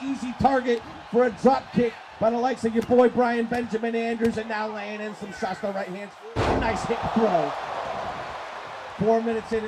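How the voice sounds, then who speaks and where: A man calling live wrestling play-by-play, excitable and profane, often shouting. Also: very high-pitched. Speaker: play-by-play commentator. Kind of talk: live wrestling commentary on a stream. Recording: streamed commentary over crowd noise.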